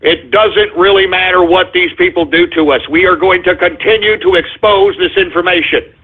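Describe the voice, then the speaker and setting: A man's voice: high-pitched, steady tone, normal speed. A man hosting an internet radio show, ranting at his listeners in an exasperated, berating way. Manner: exasperated, berating, swears often. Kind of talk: ranting call-in radio monologue. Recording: tinny phone-line sound.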